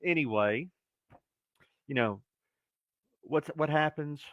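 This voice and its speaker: A man in his sixties, a former wrestler, telling stories as a podcast guest in a joking, animated way, acting out the people he quotes. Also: a little high, takes it slowly, no echo, muffled recording. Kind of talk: casual storytelling.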